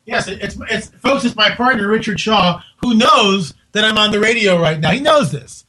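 A man hosting a live talk radio show from home, incredulous and animated, restarting his sentences often. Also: sits high, moderate pace, hardly any pauses, rough recording.

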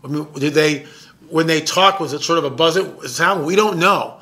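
Excitable man telling a story, bright voice. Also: fairly high pitch, normal speed. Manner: emphatic, excitable, repeats words. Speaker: documentary filmmaker. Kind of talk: casual storytelling monologue.

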